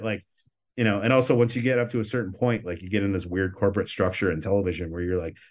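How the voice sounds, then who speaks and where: A man talking as a podcast guest, telling stories in a rambling, easygoing way and swearing often. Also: deep voice. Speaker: guest, record label owner. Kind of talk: casual interview storytelling.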